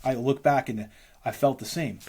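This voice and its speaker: A man talking casually as an interview guest, a worship leader, rambling fast and breaking into lines of hymns. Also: medium pitch, a little mellow, breathy edge.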